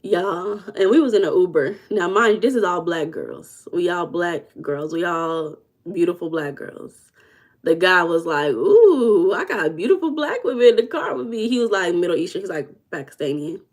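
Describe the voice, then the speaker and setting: Speaking at a moderate pace in a lowish voice, a young manifestation coach answers viewers live in a casual livestream chat. She tells stories and addresses everyone as y'all.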